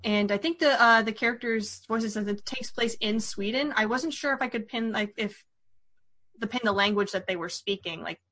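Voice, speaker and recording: A woman's voice: a little high, normal speed, bright, forceful tone. A woman hosting a podcast in casual chat, rambling with lots of fillers and restarts. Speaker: podcast host.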